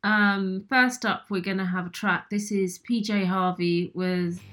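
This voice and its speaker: A woman hosting a radio show, introducing the next track in a casual, relaxed way. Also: medium pitch, a little slow. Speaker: radio host. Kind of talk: radio presenting.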